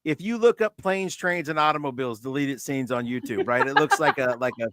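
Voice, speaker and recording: A man's voice: medium pitch, fairly quick, background noise. A man co-hosting a podcast, retelling a movie in casual chat with lots of laughs and fillers. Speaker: podcast co-host.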